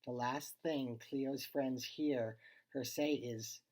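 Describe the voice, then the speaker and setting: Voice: medium pitch, fairly even intonation, slow pace, darkish tone. A reader expressively reading a child's spooky short story aloud and acting out the dialogue.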